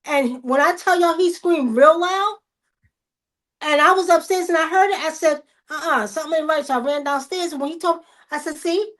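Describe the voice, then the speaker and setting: High-voiced woman telling stories animatedly. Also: normal speed. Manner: animated, acts out quotes loudly, laughs. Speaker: guest. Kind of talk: casual livestream storytelling.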